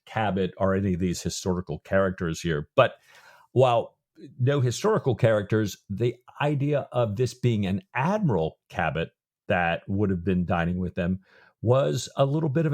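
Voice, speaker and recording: A man co-hosting a podcast, retelling a novel's chapter in casual chat and acting out its lines. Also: on the low side. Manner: animated storytelling with quoted lines. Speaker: podcast co-host.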